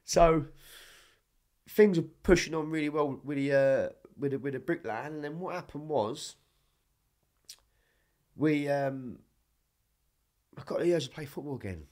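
A man telling rough, animated stories in a casual podcast chat, swearing constantly. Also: fairly high pitch, measured pace, long pauses. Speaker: podcast guest.

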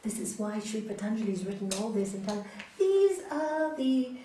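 A woman's voice: on the high side, big pitch swings, moderate pace, recorded from a distance, slight background noise. Echoey woman teaching spiritual lessons. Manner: gentle, emphatic, acts out voices in stories. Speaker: raja yoga teacher. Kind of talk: spiritual teaching talk with storytelling. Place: hall. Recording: echoey hall, voice from off-mic.

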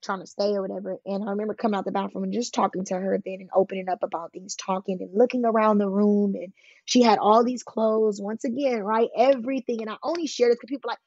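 Woman interview guest, husky and candid, emphatic storyteller, dull dry lo-fi recording. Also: mid-range voice, steady tone, fast, a little mellow, no echo. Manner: emphatic, plain-spoken, acts out quoted voices. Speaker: guest telling her life story.

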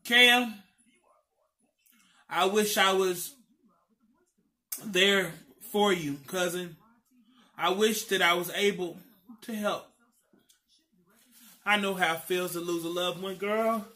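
Man, mukbang chat, emotional storytelling, slow, very bright tone. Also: sits high. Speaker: mukbang vlogger. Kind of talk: casual chat over a meal.

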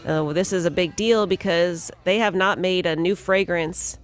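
A woman's voice: on the low side, fairly even intonation, normal speed, soft background music. A woman co-hosting morning radio, reading entertainment stories and laughing along with banter. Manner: bright, laughs often while reading stories. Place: radio studio. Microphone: studio mic.

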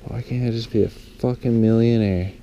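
A young man excitedly narrating his fly fishing outdoors by a lake, swearing often and exclaiming over his catch. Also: mid-range voice, moderate pace, dull audio, a little hiss or hum. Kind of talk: excited outdoor vlog commentary.

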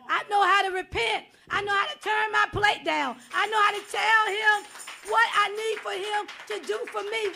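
High-voiced, bright woman preacher. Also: vocal fry. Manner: impassioned preaching, repeating rhetorical questions. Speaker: guest preacher. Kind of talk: sermon.

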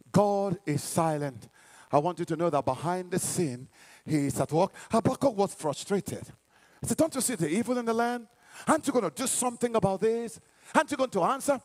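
Impassioned high-voiced male pastor preaching. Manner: impassioned preaching, shouting and half-singing. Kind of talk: sermon.

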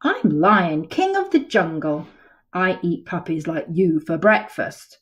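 A woman's voice: fairly low pitch, very animated, takes it slowly. A woman voicing a fierce, boastful male lion in a children's storybook reading. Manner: roaring, boastful.

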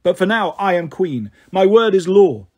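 A man's voice: high-pitched, animated, moderate pace, highs cut off. A man voicing an icy warrior queen. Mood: cold. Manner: icy, commanding. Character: proud exiled woman warrior queen, cold.

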